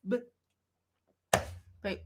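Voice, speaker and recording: A woman's voice: extremely slow, background noise. A woman co-hosting a livestream, who cuts in bluntly and protectively and swears freely. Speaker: livestream co-host. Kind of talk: casual livestream chat.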